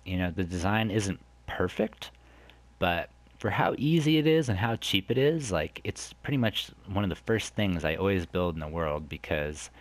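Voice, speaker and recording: Man, gameplay commentary, low voice, very animated, rambling asides to viewers, dry close mic. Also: normal speed, no echo. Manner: excitable, exclaims loudly at surprises. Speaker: let's play host.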